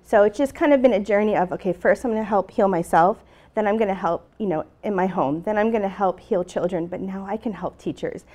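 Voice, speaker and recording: A woman's voice: mid-range voice, a little fast, mellow. A middle-aged woman teacher giving an earnest, emotional talk about her classroom, speaking to an audience with slides.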